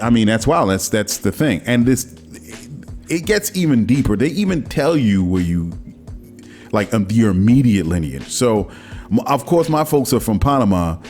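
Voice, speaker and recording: A man's voice: mid-range voice, a little mellow. A man hosting his own podcast, talking casually and rambling, with many fillers and restarts. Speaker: podcast host. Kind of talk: casual solo talk.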